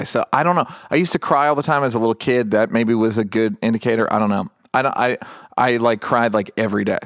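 Gravelly low-voiced man, halting and wry. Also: fairly bright tone, dry recording, studio quality. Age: middle-aged. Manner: rambling, halting, self-deprecating. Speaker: interview guest, comedian. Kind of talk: candid conversational interview.

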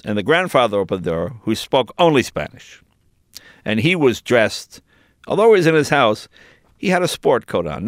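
An older American man telling lively, laughing anecdotes as an interview guest. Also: mid-range voice, dry recording, clean studio sound. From United States. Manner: animated anecdotes, laughing, jumping into voices. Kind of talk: casual storytelling in an interview.

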